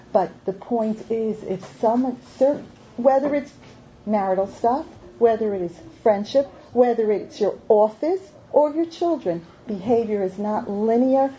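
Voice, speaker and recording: Mellow woman giving an emphatic parenting talk. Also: medium pitch. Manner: emphatic, repeats key points, poses rhetorical questions. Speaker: parenting speaker who gives IQ tests in schools. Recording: dull lo-fi recording with faint noise.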